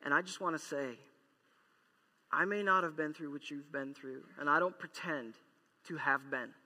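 A man's voice: on the high side, normal speed, bright, forceful tone, breathy edge. A male pastor preaching a sermon, emphatic, repeating key lines and acting out quoted apologies. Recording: long church hall reverb.

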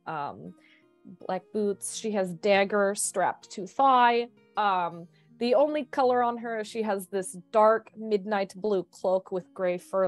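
A woman's voice: fairly low pitch, no echo. A woman playing a tabletop game, playful and describing her character at length with many fillers. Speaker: player. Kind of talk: casual tabletop game chat.

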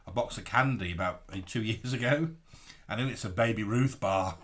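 A man co-hosting a casual live-stream chat, relaxed, with trailing ums. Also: fairly low pitch, moderate pace. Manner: relaxed, fond of film baddies, trailing ums. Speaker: co-host.

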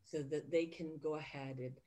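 A woman hosts a podcast in a low, steady voice. She talks earnestly and with gentle enthusiasm in a relaxed interview chat. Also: normal speed. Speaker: podcast host.

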